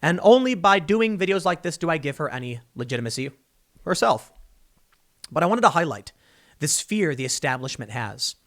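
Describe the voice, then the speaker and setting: A man's voice: on the high side, fairly bright tone. A man hosting solo political commentary, reading news clippings aloud and reacting with emphatic, sarcastic remarks.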